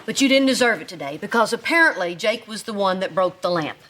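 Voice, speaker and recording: A woman's voice: medium pitch, animated, quick pace, pushed and bright, slight background noise. An actress playing a wry mother who apologizes in a dry, grudging way.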